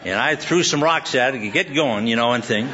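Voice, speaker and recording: A pastor from Southern California preaches a sermon built around a rambling personal story, laughing often and restarting his lines. His medium-pitched voice moves a little fast, and the lo-fi recording sounds dull with background noise.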